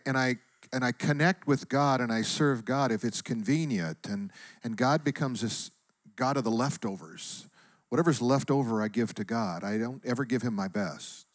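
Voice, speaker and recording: A man's voice: medium pitch, no echo, studio quality. A man preaching a sermon, reflective and asking searching questions of his listeners. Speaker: pastor.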